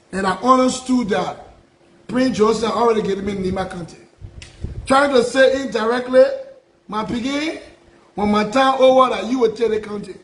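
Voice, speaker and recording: A self-appointed Liberian prophet harangues the public in Liberian English, asking rhetorical question after rhetorical question in an aggrieved manner. His pitch is extremely high and a bit bright, and the recording is rough and full of reverb.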